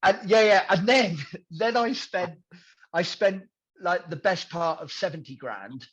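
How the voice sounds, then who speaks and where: A man's voice: sits high, a little slow, slightly rough, highs cut off. A man in his thirties, a podcast guest, telling his own story candidly and acting out the voices of others. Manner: animated, acts out dialogue in quoted voices.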